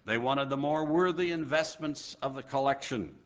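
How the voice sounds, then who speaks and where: A male preacher telling a sermon story with dramatic pauses and slow emphasis. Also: mid-range voice.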